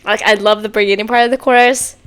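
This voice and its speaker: A woman hosting a casual music reaction video, excitable and gushing, with frequent breathy exclamations. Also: mid-range voice, fast. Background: faint music playing.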